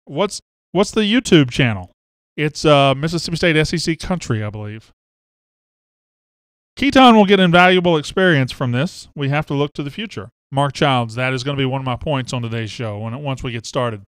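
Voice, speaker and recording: Smooth and mid-range with lively intonation at normal speed, this male host runs a casual live sports talk show, chattily greeting viewers by name and hometown. The recording is dry and studio-quality.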